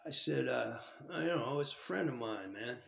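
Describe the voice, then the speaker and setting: A man's voice: medium pitch, expressive, moderate pace, gravelly, a bit bright, roomy sound. A man casually telling a story from his time in jail, swearing freely and restarting his sentences often. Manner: profane and rambling with many restarts.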